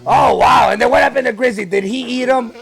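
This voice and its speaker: Excitable man, high gravelly voice. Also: fairly quick, faint music behind. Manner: excitable, exclaiming and narrating what he sees. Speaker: reaction video host. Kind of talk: live reaction commentary.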